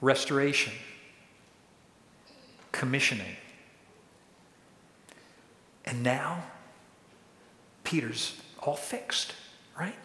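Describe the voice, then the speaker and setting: A pastor preaching a sermon, who acts out quoted questions in a raised voice. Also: male voice, medium pitch, expressive, very slow, pauses often, bright, forceful tone. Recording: echoey hall with long reverb.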